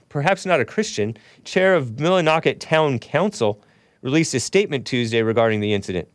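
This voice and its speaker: A man's voice: medium pitch, dry recording. A man hosting a solo talk show, reading news aloud and breaking in with sarcastic, mocking asides. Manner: sarcastic, mocking asides, laughs at own remarks.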